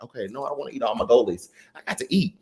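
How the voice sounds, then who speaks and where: A Texan man with a medium-pitched voice talks rapid-fire while hosting a casual political commentary livestream, reading viewer comments. Chatty and animated, he calls his audience "y'all" and occasionally stumbles over his words.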